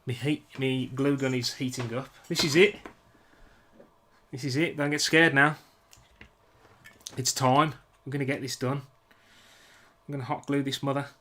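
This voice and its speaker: This young British streamer works at a bench while chatting casually with viewers, full of self-mockery and apologies. His medium-pitched delivery is flat, pushed and bright, at a moderate pace with long pauses, and a little hiss or hum sits underneath.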